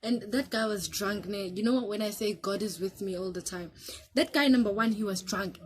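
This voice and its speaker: Speaking at normal speed with a medium pitch, a South African woman vlogger casually tells a story to camera. She's animated and switches between English and local languages.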